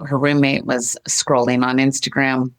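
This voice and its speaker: A middle-aged woman speaking as an interview guest, earnest and gentle, often repeating her phrases. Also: very deep voice, level tone, moderate pace, clean tone. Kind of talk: heartfelt interview talk.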